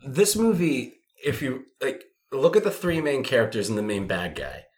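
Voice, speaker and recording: A man's voice: medium pitch, sing-song, normal speed. A man in casual movie review chat with friends, talking loosely and rambling, with profanity and many fillers.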